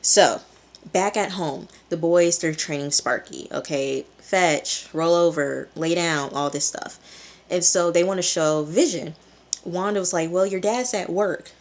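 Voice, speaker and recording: Woman, TV reviewer, casual rambling recap, hand-held phone, slightly low voice. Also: measured pace. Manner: chatty, rambling, with frequent fillers. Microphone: phone camera held in hand.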